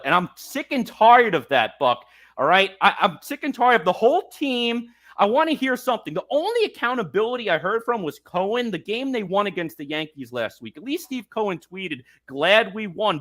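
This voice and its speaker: A man's voice: high-pitched, pushed and bright. A man hosting a sports talk show, ranting in a fired-up, exasperated way about his team. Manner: fired-up, ranting, mocking quotes. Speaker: podcast host. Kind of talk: heated sports talk rant.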